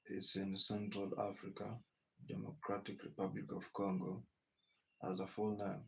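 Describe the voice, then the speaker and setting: A man hosts a casual livestream, greeting viewers and reading their comments aloud with a loose, chatty "you know" rhythm. His voice sits on the low side with a husky grain. The stream audio sounds dull and lo-fi. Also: monotone, normal speed. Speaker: livestream host.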